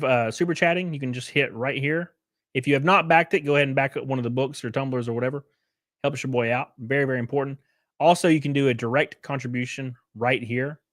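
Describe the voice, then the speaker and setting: A man's voice: mid-range voice, no echo, clean studio sound. A man hosting a casual livestream, reading chat and news aloud with sarcastic, swearing reactions, sounding worn out and short of breath. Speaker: streamer host.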